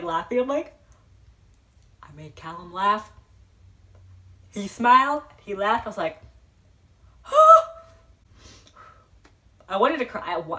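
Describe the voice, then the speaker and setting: A young woman telling an excited storytime vlog, rambling and giggly, with lots of fillers and restarts. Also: medium pitch. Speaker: vlogger.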